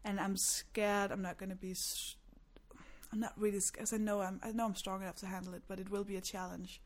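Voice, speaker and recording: Casting: woman comic, lively storyteller, candid chat. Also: mid-range voice, a little fast. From Denmark. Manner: animated storyteller, acts out quotes, frequent laughs. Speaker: stand-up comedian, guest.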